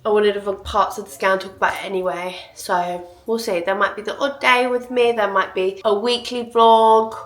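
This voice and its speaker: A woman's voice: medium pitch, fairly bright tone. Chatty young woman vlogging. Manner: chatty, self-deprecating, laughs often. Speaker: vlogger and mother. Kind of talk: casual chatty vlog. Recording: echoey room, faint background noise.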